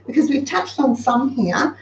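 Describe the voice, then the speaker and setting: A woman's voice: high-pitched, lively intonation, a little slow, creaky, recorded from a distance. Australian woman, host, casual practical chatter; echoey room, faint background hiss. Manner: chatty, practical, giving homely advice. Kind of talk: casual live-show chat. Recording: roomy, slightly dull sound with faint noise.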